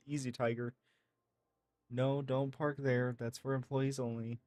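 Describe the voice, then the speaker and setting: A man reading game text messages aloud in a casual, lively way, swearing freely. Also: mid-range voice, a little slow, dry recording. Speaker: gaming streamer.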